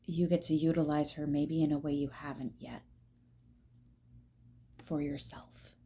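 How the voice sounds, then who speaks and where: A woman giving a tarot reading, emphatic and swearing, dropping now and then into soft whispers. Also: sits low, little pitch movement, measured pace, husky. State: teary at times. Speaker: tarot reader.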